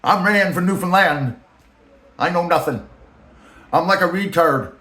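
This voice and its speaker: Brief: a crude, bragging loudmouth supervisor, pitched up and mocking, put on by a man, echoey room. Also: unhurried. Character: brash loudmouth male store supervisor, boastful.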